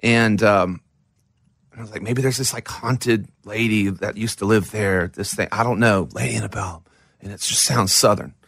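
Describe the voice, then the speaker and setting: A man's voice: on the low side, moderate pace, creaky, fairly bright tone, no room sound, clean studio sound. Rambling self-deprecating male guest. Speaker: musician guest. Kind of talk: casual interview storytelling.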